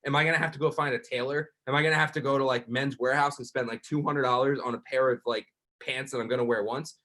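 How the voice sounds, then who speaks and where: Bright-voiced guy telling a rambling story. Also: mid-range voice, fast talker. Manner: animated, rambling, lots of "like". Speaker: podcast co-host and sports reporter. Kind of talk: casual chat, storytelling.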